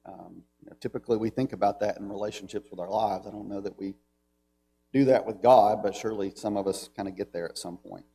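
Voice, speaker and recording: A man's voice: fairly low pitch, fairly even intonation, quick pace, creaky, dark tone, slightly rough. A man with a Southern American accent teaching a Bible class in a church, talking in a conversational way and reading scripture aloud with emphasis.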